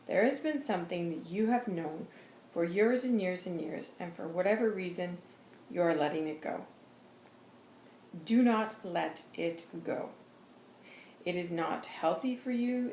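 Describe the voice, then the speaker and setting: Stern male spirit, put on by a woman, slow admonishing delivery, lowish register. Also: darkish tone, a little hiss or hum. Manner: slow, solemn admonishing speech. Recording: roomy echo.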